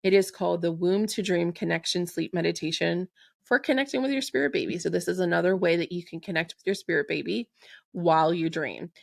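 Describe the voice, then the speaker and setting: A woman hosting a solo spiritual podcast, speaking in a gentle, affirming way and slowing down to recite intentions. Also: lowish voice, gravelly. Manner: slow and deliberate when reciting an intention. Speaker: podcast host and Reiki practitioner.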